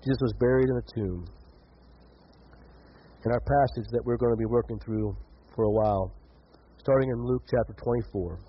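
A man's voice: mid-range voice, steady tone, moderate pace, long pauses, a little hiss or hum. A male pastor preaching a sermon in an earnest way, often repeating words as he builds, in a dull lo-fi recording.

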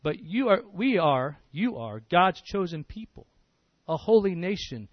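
Guy preaching a sermon, high voice, earnest and emphatic, kinda dull dry recording. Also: sing-song, measured pace, no room sound. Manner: earnest, emphatic, repeats words when restarting.

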